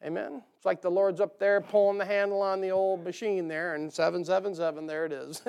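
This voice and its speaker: A man's voice: high voice, flat delivery, brisk, creaky, a little mellow, smooth. A man preaching a sermon to a church, folksy and joking, rising to emphatic bursts. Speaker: pastor. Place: church sanctuary.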